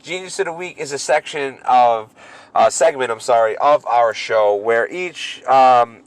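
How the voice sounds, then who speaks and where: A man in his thirties co-hosting a casual podcast, telling stories in a profane, animated way. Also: mid-range voice, unhurried, no echo. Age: 30s. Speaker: podcast co-host.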